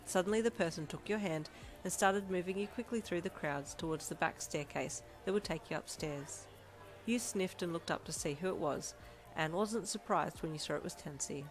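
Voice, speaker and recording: A woman with a low, mellow voice reads second-person fanfiction aloud. Her narration is steady and plain, moving through the story at an even pace. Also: normal speed, faint music behind. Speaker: audiobook narrator.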